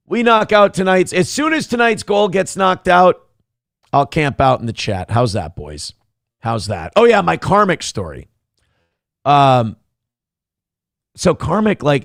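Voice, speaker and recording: Male livestream host from Minnesota, gravelly, slightly high voice, dry close sound, mocking and corny. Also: dry recording. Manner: mocking, over-the-top corny impressions of critics. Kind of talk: casual livestream rant.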